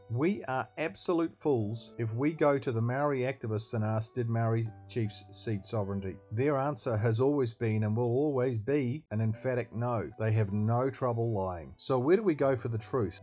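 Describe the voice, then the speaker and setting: A man's voice: mid-range voice, dark tone. A man delivering scripted political commentary in an emphatic, combative way, hitting key words hard.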